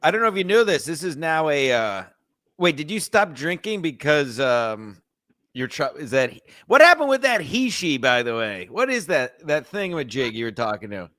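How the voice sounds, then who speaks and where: A man's voice: mid-range voice, sing-song, normal speed, fairly bright tone, dry recording. A man co-hosting a casual podcast, joking and hesitant, with lots of fillers. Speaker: podcast co-host.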